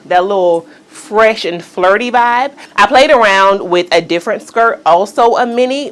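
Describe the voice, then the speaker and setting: A woman fashion vlogger chatting casually through an outfit try-on, playful and exclaiming as she talks to her viewers. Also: medium pitch. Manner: playful, exclaims "girl" and "y'all", chatty and animated. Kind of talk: casual try-on vlog chat.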